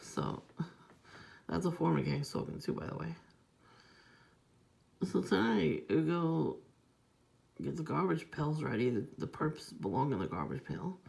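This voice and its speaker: A woman's voice: low voice, expressive, measured pace, creaky, pauses often, darkish tone. A woman vlogger telling a long, aggrieved story in a rambling, profane, casual monologue.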